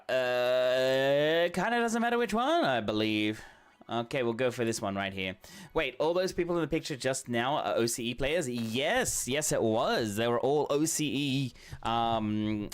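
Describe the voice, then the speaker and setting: A man streaming a game, talking casually and rambling warmly, with lots of fillers and restarts. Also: medium pitch, clean tone. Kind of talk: casual chat while streaming. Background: faint background music.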